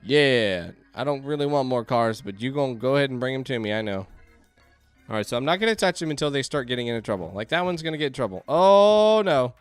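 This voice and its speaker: A man giving excitable let's-play commentary, yelping and laughing as things go wrong on screen. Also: medium pitch, quick pace, dry recording, soft background music. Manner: excitable, yelps and laughs at chaos. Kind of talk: game commentary.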